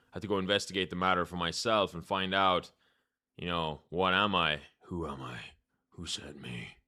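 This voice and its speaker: A young man streaming chess, chatting casually with viewers and thinking out loud in a laid-back way, with keyboard clicks behind. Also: low voice, clean tone. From Ireland. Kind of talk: casual live-stream chat while playing chess.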